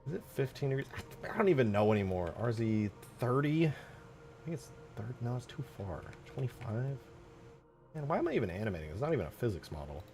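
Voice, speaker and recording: A young man live-streaming his game modding, chatting casually with viewers and breaking into loud, goofy shouts. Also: medium pitch, fast talker, faint music behind. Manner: excitable, jumps to loud shouts and goofy banter. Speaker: livestreaming game modder.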